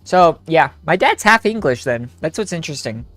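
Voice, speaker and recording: A man's voice: fairly high pitch, sing-song, normal speed, fairly bright tone, dry recording. A young man streaming a story game with friends, joking, laughing and rambling in casual chat. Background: faint game music.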